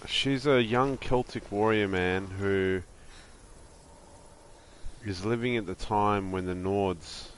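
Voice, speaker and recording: A man's voice: lowish voice, takes it slowly, pauses often, a little hiss or hum. A man streaming a game, chatting casually and rambling in a friendly way, greeting viewers as friends. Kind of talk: casual live-stream chat.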